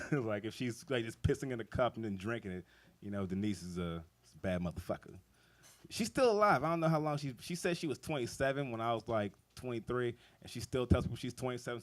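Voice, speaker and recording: A young man doing a stand-up comedy set, telling rambling, profane stories and laughing often. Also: mid-range voice. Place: outdoor backyard show.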